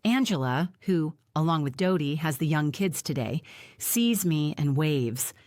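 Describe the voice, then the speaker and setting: A woman narrating a first-person audiobook in a plain, even storytelling manner. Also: low-pitched, unhurried, dry recording, studio quality.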